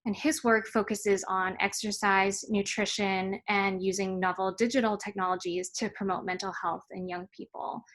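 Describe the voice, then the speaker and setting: A woman moderates an online academic panel, summing up a talk and introducing the next speaker. She speaks in a measured, mid-pitched voice, pausing often on filler ums. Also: flat delivery, fairly bright tone. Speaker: forum moderator. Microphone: video call.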